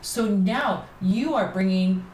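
A woman talking casually on a podcast about candle magic, chatty and animated. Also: medium pitch, slow. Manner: chatty, animated, laughs easily. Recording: roomy echo, faint background noise.

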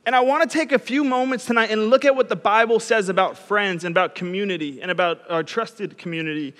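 A man's voice: sits high, fast talker, fairly bright tone, big-room sound. A young man preaching as a youth pastor, chatty and self-deprecating, telling stories. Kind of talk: sermon.

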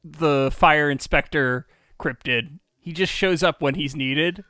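A man with a bright, forward, slightly high voice co-hosts a casual comedy podcast. He riffs with loose filler words and laughs often. He is recorded close and dry. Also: slow pace, no echo. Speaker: podcast co-host.

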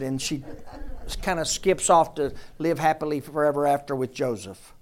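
A man's voice: fairly high pitch, moderate pace. A man pastor giving a conversational sermon in church, repeating his questions and drawing answers from the congregation. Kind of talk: interactive sermon.

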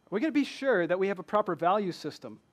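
Man, Southern accent, pastor, passionate sermon, rhetorical questions, higher-pitched voice. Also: expressive, quick pace. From Michigan. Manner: passionate, asks the congregation many rhetorical questions. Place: church.

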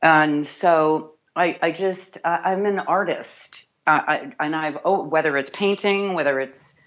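A woman's voice: sits low, unhurried, a bit bright, muffled recording. A woman audiobook narrator with a scratchy, sardonic voice, chatting animatedly as an interview guest and often restarting her sentences. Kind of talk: casual interview chat.

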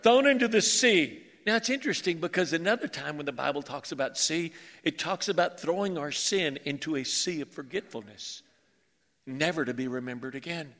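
Animated high-voiced pastor preaching in a hall. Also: male voice, moderate pace. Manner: animated, joking with the congregation, preacherly. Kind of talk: sermon. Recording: reverberant church hall.

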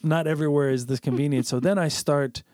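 A man's voice: fairly high pitch, steady tone, fast talker, a little mellow, no echo, studio quality. Rambling man telling a story. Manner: rambling, lots of "like" and "I was like". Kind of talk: casual storytelling chat.

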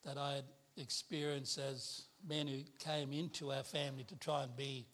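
Middle-aged man, guest preacher, frank testimony style, bright voice. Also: medium pitch, level tone, normal speed. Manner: candid storytelling with self-deprecating laughs. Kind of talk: personal testimony sermon.

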